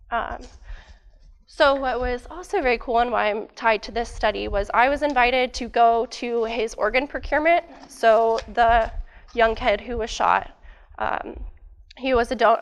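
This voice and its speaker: A woman's voice: fairly high pitch, gravelly. A young woman student giving a casual academic presentation, eager and full of fillers, her voice a little worn. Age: young adult. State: losing her voice.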